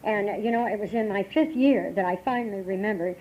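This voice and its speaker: An older American woman sharing her recovery story at a meeting, halting and emotional, with many restarts, on a dull lo-fi tape from the 1980s. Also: mid-range voice, slight background noise. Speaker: AA meeting speaker. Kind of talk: personal recovery talk.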